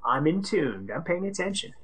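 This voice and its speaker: A woman's voice: lowish voice, very animated, moderate pace, a bit bright. A young woman from Colorado co-hosting a radio show, playful and jokey. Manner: playful, jokey, slips into silly voices. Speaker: radio co-host. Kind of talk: casual radio banter.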